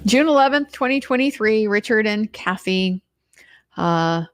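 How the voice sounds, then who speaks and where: Lady legal commentator, chatty trial recap, says like a lot, ordinary pitch. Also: a little slow. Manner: conversational, lots of "like" fillers, animated retelling.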